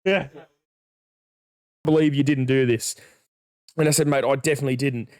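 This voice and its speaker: A man's voice: mid-range voice, steady tone, normal speed, dry recording, studio quality. A young man, a podcast co-host, telling a long story in casual chat, acting out the dialogue and swearing freely.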